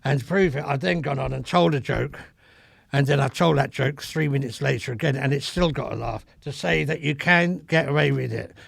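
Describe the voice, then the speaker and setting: An older man with a gravelly voice, a comedy club veteran telling rambling, earthy stories in a casual podcast chat. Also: mid-range voice, brisk, a bit bright, no echo, clean studio sound. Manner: rambling, earthy, swears freely. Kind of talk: casual anecdotal storytelling. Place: podcast studio.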